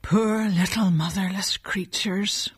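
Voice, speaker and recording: A woman voicing a grieving widowed father who speaks slowly in a hushed tone. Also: medium pitch, fairly even intonation, breathy edge, dry recording. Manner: slow, hushed sorrow.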